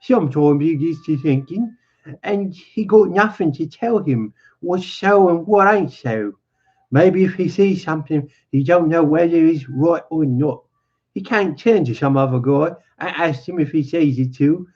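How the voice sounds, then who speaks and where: A man voicing a lonely, needling older male stable hand, drawn out and raised in pitch, on a dull lo-fi recording. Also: measured pace, a little mellow, slightly rough. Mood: wistful.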